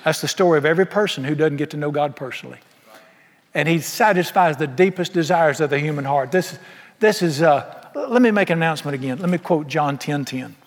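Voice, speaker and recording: Preaching in a church sanctuary, this pastor has a fairly high, slightly quick voice, and his folksy, emphatic sermon fires rhetorical questions at the congregation. The long reverb of a large hall colors the recording.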